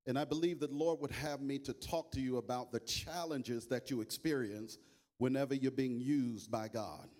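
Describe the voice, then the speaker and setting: A bishop preaching to a church congregation, singing worship lines and leading the room in call and response. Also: male voice, fairly even intonation, darkish tone. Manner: sings with long drawn-out high notes. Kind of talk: worship singing then sermon. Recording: live church mic with music behind.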